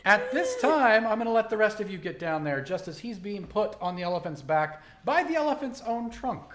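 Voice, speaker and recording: Guy game master narrating an rpg session, slightly high voice, lots of ums. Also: brisk, a little hiss or hum. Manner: relaxed, hesitant narration with ums.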